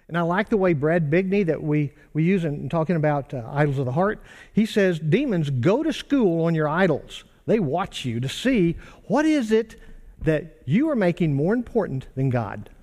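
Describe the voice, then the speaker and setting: A man's voice: on the high side, a little mellow, big-room sound. A man preaching a sermon in a conversational way, asking rhetorical questions and answering them himself. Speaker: pastor.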